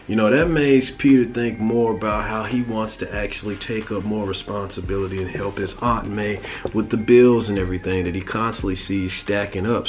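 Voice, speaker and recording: A man recaps a cartoon episode in loose, profane street slang, rambling from one scene to the next. His voice sits fairly low. He talks as a casual reviewer chatting to viewers. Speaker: show reviewer.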